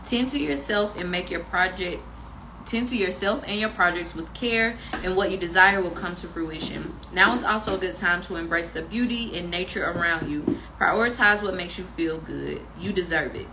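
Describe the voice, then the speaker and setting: A woman's voice: on the low side, moderate pace, background noise. A woman giving a casual tarot reading and spiritual pep talk, emphatic and preachy with slangy asides. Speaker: tarot reader and spiritual guide.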